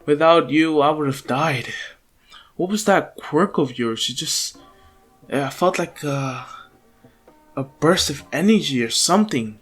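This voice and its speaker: A man voicing an anxious, excitable teenage boy in a fan-made story, stammering in a high voice. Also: a little slow, long pauses, soft background music. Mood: grateful.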